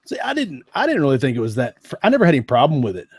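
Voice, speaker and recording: Man, podcast co-host, casual chat, animated, husky, dry close sound. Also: medium pitch, rapid-fire, dry recording. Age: adult who was a teenager in the late 1990s. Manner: animated, enthusiastic, says "man" and "dude".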